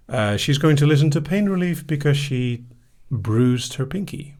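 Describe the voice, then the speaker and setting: A man's voice: on the high side, lively intonation, normal speed, darkish tone. A man hosting a casual live-stream Q&A, reading out listener questions and answering them briefly with light laughs. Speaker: hypnosis host.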